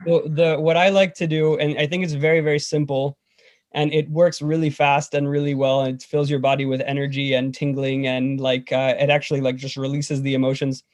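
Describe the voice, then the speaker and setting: A man guest explaining a breathing meditation in a relaxed, rambling way, full of "like". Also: a little high, fairly quick, no room sound. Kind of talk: casual video-call chat and instruction.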